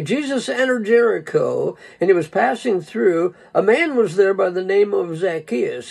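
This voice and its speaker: Gravelly folksy preacher man. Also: sits high, darkish tone, rough recording. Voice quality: gravelly, husky. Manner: folksy, rambling, chuckles often, slang like "dude". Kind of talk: casual homespun sermon.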